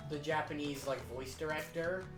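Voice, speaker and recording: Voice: mid-range voice, fairly even intonation, moderate pace. A speaker chatting casually while playing a video game, explaining game trivia and trailing off mid-thought. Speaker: let's play co-host. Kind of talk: casual gaming chat. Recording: roomy sound with game music.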